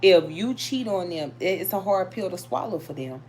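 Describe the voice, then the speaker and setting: A middle-aged woman hosting a live chat, telling stories in a lively, animated way and talking straight to her viewers. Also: on the low side, normal speed, slight background noise. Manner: animated, storytelling, talks to viewers. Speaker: livestream host reading tarot.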